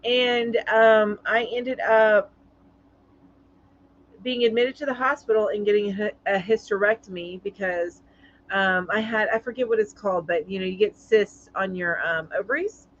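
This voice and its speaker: A woman hosting a casual live-stream chat, reading viewer comments aloud in a chatty, sympathetic way, halting with many ums. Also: mid-range voice, fairly even intonation, muffled recording. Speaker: live show host.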